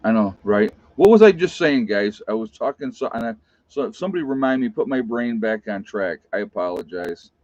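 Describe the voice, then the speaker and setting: A man's voice: on the low side, expressive, brisk, darkish tone, no echo. A middle-aged man with an Appalachian American accent, hosting a casual live stream, rambling, losing his train of thought and reading chat aloud. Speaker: livestream host. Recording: dull, slightly lo-fi dry sound.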